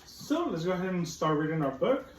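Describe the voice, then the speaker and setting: A man's voice: high voice, sing-song, brisk. A man teaching a phonics lesson to children, patiently reading a picture book aloud and asking them about its rhymes. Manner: patient, explains rhymes and asks questions. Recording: roomy, distant, faint noise.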